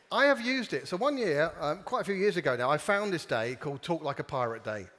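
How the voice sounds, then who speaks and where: A man's voice: on the high side, very animated, fairly quick, few pauses, a bit bright. A man giving a playful, jokey conference talk and leading the audience in participation games. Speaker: conference speaker. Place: conference hall before a live audience. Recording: long hall reverb.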